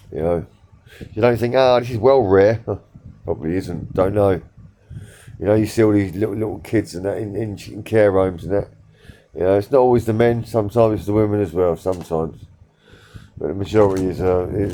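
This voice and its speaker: A man's voice: fairly low pitch, dark tone, a little hiss or hum. A man vlogging casually, rambling with many fillers and repeats, blunt and swearing. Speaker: social media vlogger. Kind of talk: casual talk to camera.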